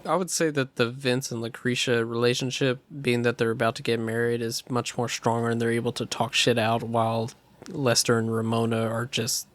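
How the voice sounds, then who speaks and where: A man co-hosts a casual film discussion podcast in a laid-back way. His pitch is middling and his remarks come out wry and understated. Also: level tone, normal speed, dry recording. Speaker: podcast co-host.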